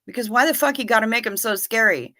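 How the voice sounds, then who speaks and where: A woman with a slightly high, bright, forceful voice talks fast as she hosts a folksy, chatty livestream. She reads viewer comments, greets people by name and calls them honey, humming and singing little doo-doo fillers between remarks.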